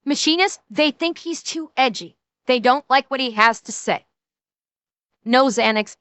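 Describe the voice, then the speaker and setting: A woman's voice: sits high, a little slow, fairly bright tone, clean tone, dry recording. A woman streamer giving casual reaction commentary, blunt and profane, often restarting her sentences.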